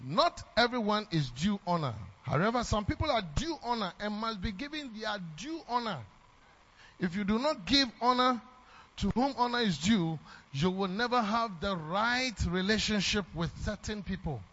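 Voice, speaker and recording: A Ghanaian man preaches a sermon with a high-pitched voice, hammering his points home by repeating them. His Ghanaian English accent is strong. The recording sounds dull and lo-fi. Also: a bit bright. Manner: emphatic, repeats lines for effect, mixes in Twi phrases.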